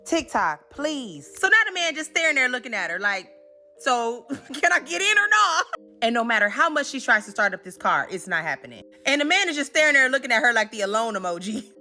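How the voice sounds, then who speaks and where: A sassy woman retelling a story for laughs, full of slang and asides to her viewers. Her voice is high and bright, and her pitch swings widely. Faint music plays underneath. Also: sing-song, fast talker, few pauses. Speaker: comedy recap host. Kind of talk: casual comedic recap.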